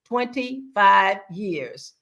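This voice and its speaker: A woman in her sixties telling a personal story in a conversational talk, acting out quoted dialogue with lively, expressive delivery. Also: mid-range voice, extremely slow, lo-fi sound. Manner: animated, acts out quoted dialogue with her own voice. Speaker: guest speaker on faith and mother-daughter bonding.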